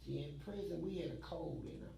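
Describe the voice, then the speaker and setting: A man's voice: on the high side, a little fast, gravelly, warm tone, reverberant, distant mic, a little hiss or hum, rough recording. A man telling blunt, profane stories from prison life in a streetwise way, recorded in an interview.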